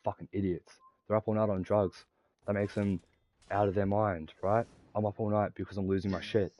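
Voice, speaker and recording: A man's voice: on the low side, little pitch movement, a little fast, darkish tone. A young man with an Australian accent, ranting profanely and rambling while he plays a game. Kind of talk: casual rant while gaming.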